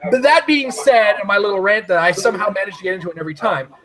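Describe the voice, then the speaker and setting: A man hosting a casual chat who rambles excitedly and laughs often. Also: high-pitched, very fast, crowd noise, rough recording. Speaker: podcast host.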